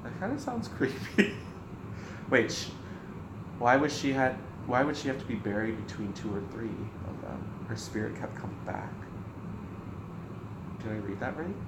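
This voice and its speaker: A man from the American South co-hosting a casual Q&A vlog, rambling and animated with lots of filler words. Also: medium pitch, normal speed, pauses often, echoey room, heavy background noise. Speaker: co-host. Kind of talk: casual Q&A chat.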